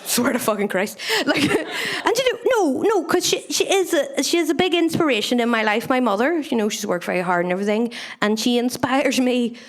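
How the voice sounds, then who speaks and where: A woman's voice: fairly high pitch, expressive, fairly quick, hardly any pauses. Chatty, profane woman doing stand-up. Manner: chatty, profane, self-mocking, laughing at her own lines. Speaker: stand-up comedian. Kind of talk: stand-up comedy set. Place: comedy club stage.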